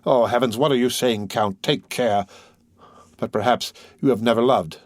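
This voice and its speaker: A man's voice: mid-range voice, normal speed, dry recording, clean studio sound, natural voice. A man reading an audiobook voices a grieving young man who sounds desperate, impassioned and pleading. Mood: anguished.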